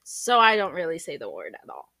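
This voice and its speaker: A young woman from the Midwest co-hosting a casual podcast chat. Her voice is bright and sharp, and her pitch swings around a lot as she talks, full of fillers and quick laughs. The sound is dry and close to the mic. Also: wildly swooping pitch, no room sound. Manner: chatty, laughs often, many fillers. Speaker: podcast co-host.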